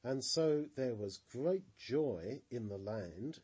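Male storyteller, children's bible story, gentle, husky, slow. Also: medium pitch, highs cut off. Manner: expressive, gentle.

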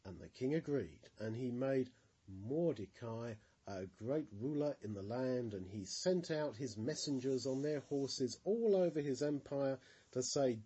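A man telling a bible story to children in a gentle, expressive way. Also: mid-range voice, a little slow, husky, dull audio.

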